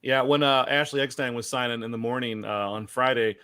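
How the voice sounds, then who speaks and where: A middle-aged man hosting a casual chat, an excitable storyteller who acts out quotes loudly. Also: medium pitch, brisk, clear, resonant tone, no echo. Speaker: show host.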